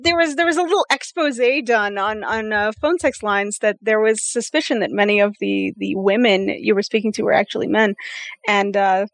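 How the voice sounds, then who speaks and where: A woman's voice: medium pitch, normal speed, no echo. A woman co-hosting a casual podcast, teasing and wry with others.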